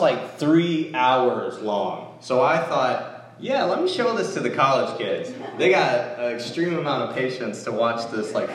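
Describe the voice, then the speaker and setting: In an echoey church, captured by a distant mic with faint background noise, a lay speaker preaches informally. His voice is fairly low in pitch, and he tells animated, conversational stories punctuated by asides.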